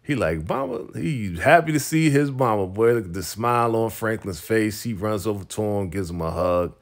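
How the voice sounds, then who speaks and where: A man's voice: lowish voice, moderate pace. Laid-back man recapping a tv episode. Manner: animated retelling that acts out the characters' lines, with slang and fillers. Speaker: TV recap reviewer.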